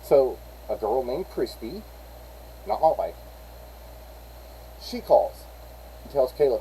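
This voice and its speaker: A man's voice: medium pitch, big pitch swings, takes it slowly, pauses often, warm tone, slight background noise, rough recording. A middle-aged man, rambling through a casual story on a live stream and acting out the people he quotes.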